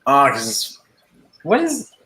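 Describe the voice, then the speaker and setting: An Australian man chats with friends on a livestream, keen and quick to laugh. His voice is bright and lively, moving a lot in pitch. It sounds roomy, with a faint hiss behind it. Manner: friendly, enthusiastic, laughs often. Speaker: livestream co-host. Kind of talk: casual group chat on a livestream.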